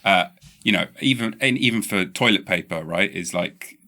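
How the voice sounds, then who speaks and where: A man's voice: sits low, moderate pace. A man with an English accent hosting a podcast in casual, rambling chat, often restarting his sentences. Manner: rambling, restarts often, animated when quoting. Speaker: podcast host.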